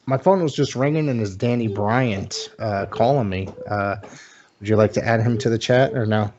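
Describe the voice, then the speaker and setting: A man's voice: lowish voice, moderate pace, a little mellow. A man co-hosting a casual podcast chat, easygoing and joking. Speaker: podcast co-host. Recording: lo-fi call audio with faint noise.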